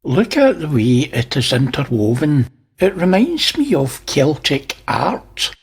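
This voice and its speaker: A man's voice: fairly high pitch, big pitch swings, slow pace, slightly rough. A man with a Scottish accent, talking viewers through images and pointing out details, with wry asides. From Scotland. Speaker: channel host. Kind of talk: narrating image analysis.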